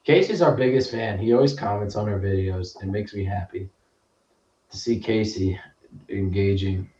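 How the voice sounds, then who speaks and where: A man's voice: fairly low pitch, moderate pace, mellow, highs cut off. A man co-hosting a casual podcast, telling stories in a rambling, profane way full of "like". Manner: rambling, profane storytelling with lots of "like". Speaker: podcast co-host. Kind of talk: casual chat. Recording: echoey room, distant mic, faint noise.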